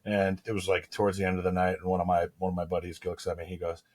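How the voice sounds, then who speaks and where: A man on a podcast telling a story in a halting way, repeating words. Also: low voice, completely flat delivery, a little mellow. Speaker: podcast co-host. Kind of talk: casual storytelling.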